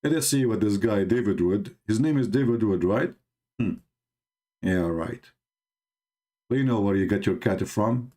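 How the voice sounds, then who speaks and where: Speaking at a measured pace with frequent pauses, this Middle Eastern man has a fairly low, warm voice. As host of a religious debate stream, he ridicules a video in broken English, firing off sarcastic rhetorical questions; Arabic is his native language.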